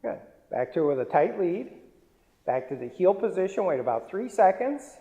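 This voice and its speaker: Man dog trainer with gravelly voice. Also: sits high, sing-song, normal speed, dark tone, muffled recording. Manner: short firm commands, cooing praise to the dogs. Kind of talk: hands-on training demonstration. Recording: long reverb, roomy hall.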